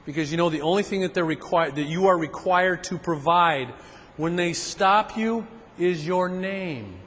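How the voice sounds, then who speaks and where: A man giving a seminar talk, telling stories in an animated way and acting out other people's voices. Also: sits high, a little slow, slight background noise. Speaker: seminar speaker. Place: seminar room. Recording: reverberant hall with faint ambience.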